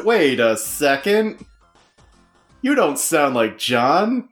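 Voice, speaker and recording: A man's voice: fairly high pitch, big pitch swings, slow, faint music behind. A man hosting a casual comedic podcast, joking around and putting on a sportscaster-style intro voice. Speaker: podcast host. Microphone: remote call recording.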